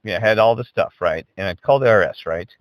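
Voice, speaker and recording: A middle-aged man telling a long story in casual chat, animated and profane, acting out both sides of a phone call. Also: on the low side, fast, no room sound. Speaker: podcast co-host.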